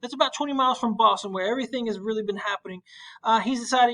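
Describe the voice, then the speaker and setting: A man's voice: high voice, fast talker, fairly bright tone, poor audio. A man teaching a recorded history lesson, talking casually with many fillers and restarts over a shared screen.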